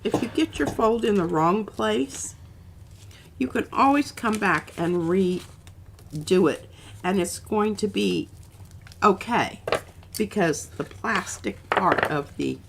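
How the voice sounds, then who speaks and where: A woman's voice: medium pitch, animated, slow pace, creaky, noisy background. A woman hosting a casual craft demo, chatty and rambling, with an occasional cough. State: coughing now and then. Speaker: art stream host.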